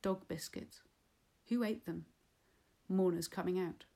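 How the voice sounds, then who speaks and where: A woman reading a literary novel aloud in a measured, unhurried way. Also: on the low side, fairly even intonation, dark tone. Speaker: audiobook reader. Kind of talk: literary audiobook narration.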